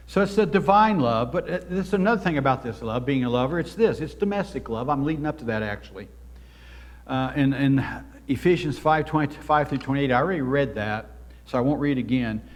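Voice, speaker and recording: A man delivers an earnest sermon at a middle pitch, pressing his points and rising in volume for emphasis. His voice carries a long reverb tail, as if filling a church sanctuary. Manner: earnest, exhorting, swells louder for emphasis. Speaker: pastor.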